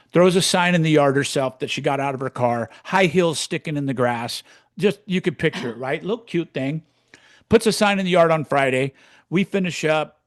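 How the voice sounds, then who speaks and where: Guy in his 60s telling stories on a podcast, blunt, cusses a lot, dry close sound, average pitch. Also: no echo. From California. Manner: blunt, swears freely, animated storytelling. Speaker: podcast co-host, real estate coach. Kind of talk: casual storytelling chat.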